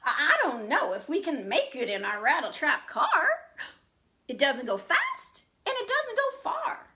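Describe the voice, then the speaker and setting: A woman's voice: sits high, wildly swooping pitch, a little slow, sharp tone, heavily acted. A woman voicing a worried farm dad in a picture-book reading, with a hesitant, fretting manner.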